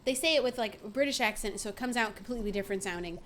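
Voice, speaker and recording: A woman's voice: mid-range voice, rapid-fire, a bit bright, slight background noise. An American woman streaming a game, chatting casually with viewers in a playful way and laughing often. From United States. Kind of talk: casual gaming stream chat.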